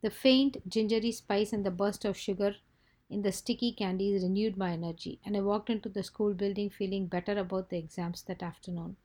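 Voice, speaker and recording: A woman's voice: medium pitch, a little fast. Woman reading a children's story aloud. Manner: lively, expressive storytelling. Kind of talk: scripted narration.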